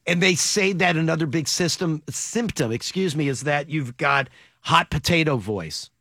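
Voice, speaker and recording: A man hosting a morning radio show, animated and joking with his co-hosts and callers in a studio. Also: fairly high pitch, gravelly, no echo. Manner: animated, joking, quick to laugh. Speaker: radio host. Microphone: studio mic.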